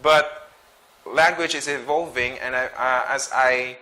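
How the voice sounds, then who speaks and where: A man teaching English pronunciation, reading sight words slowly and twice each, with short explanations. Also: mid-range voice, steady tone, bright, forceful tone. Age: adult. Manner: slow and deliberate, repeats each word twice with brief explanations.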